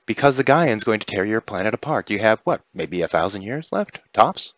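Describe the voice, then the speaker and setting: Sly alien woman, a man putting her on for a tabletop game: a grinning, sinister schemer whose voice sits well above his own low register and swings lively up and down. Dull, lo-fi mic sound. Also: normal speed, no echo. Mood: scheming.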